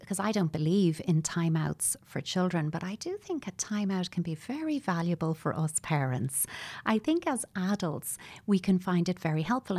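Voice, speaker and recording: A woman's voice: lowish voice, darkish tone. A middle-aged woman, a child psychotherapist giving earnest, explanatory advice in an interview and acting out what parents say.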